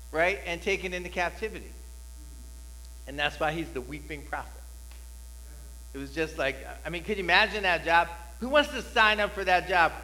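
A male pastor preaching a sermon in a conversational style, building to loud, repeated cries. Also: high-pitched, in a large hall.

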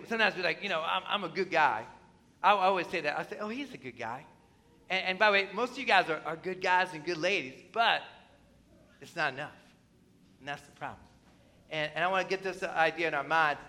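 A man's voice: high voice, a little fast, bright, forceful tone. A man preaching a sermon to his congregation, emphatic and conversational, often asking the listeners questions. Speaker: pastor. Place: church.

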